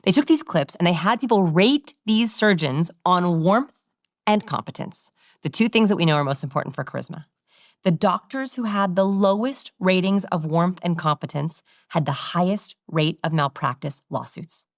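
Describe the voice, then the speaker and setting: A woman's voice: lowish voice, moderate pace, no echo, clean studio sound. A woman communication researcher being interviewed, explaining vocal habits with energy and demonstrations. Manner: animated, demonstrating vocal examples.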